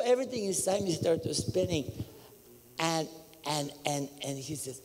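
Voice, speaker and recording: Bulgarian-accented male preacher, lively storyteller, a bit high-voiced, sound echoing through a big church hall. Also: measured pace, slight background noise. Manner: animated storytelling, bursts of laughter and high exclamations. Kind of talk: testimony sermon.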